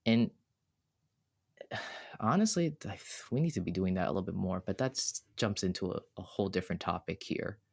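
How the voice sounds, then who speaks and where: A low, gravelly voice with a darkish tone and a breathy edge belongs to a podcast co-host talking casually and reflectively. He is very animated at a moderate pace, speaking earnestly from the heart and often restarting his sentences.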